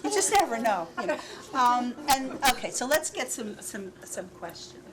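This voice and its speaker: A woman leading a parenting workshop, talking to parents in a lively, laughing way and often acting out little dialogues. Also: fairly high pitch, normal speed, a crowd in the background, rough recording. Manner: animated, laughing, acts out dialogues. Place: school workshop room. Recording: heavy hiss with clicks, 2000s local TV.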